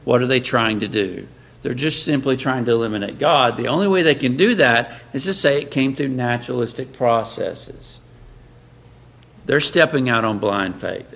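A man's voice: medium pitch, vocal fry, a bit bright. A man giving a sermon-style lecture, emphatic and full of rhetorical questions, with frequent fillers and restarts. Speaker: preacher.

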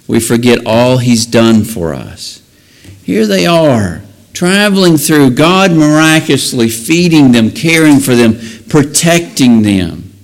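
A man's voice: mid-range voice, poor audio. A man preaching a sermon and reading scripture aloud, earnest, often building to emphatic raised passages.

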